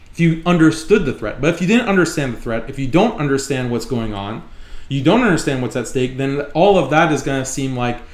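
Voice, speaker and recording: A man's voice: medium pitch, echoey room. A man hosting a live online talk show, speaking emphatically and repeating his points for stress. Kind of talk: live solo commentary.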